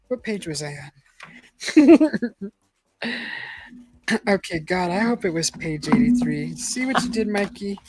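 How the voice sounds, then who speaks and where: A woman's voice: lowish voice, a little mellow, no echo, poor audio. A woman reading an adventure book aloud in a casual, chatty way, breaking off for laughing asides. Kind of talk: casual read-aloud chat.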